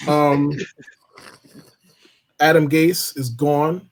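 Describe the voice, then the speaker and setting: A man talking in an easy, casual chat on a live-stream podcast, with a voice sitting a touch high. He slips in dry, deadpan jabs and lays out his points in slow, emphatic lists. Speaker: podcast co-host.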